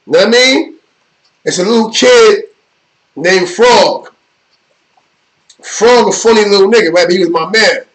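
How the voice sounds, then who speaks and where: A middle-aged man tells a long jail story on his live stream. His voice sits high for a man, and he rambles with loose street slang, often checking in with "you know what I mean." He sounds relaxed and unscripted. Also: a little slow, long pauses, poor audio. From New York. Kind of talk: casual storytelling.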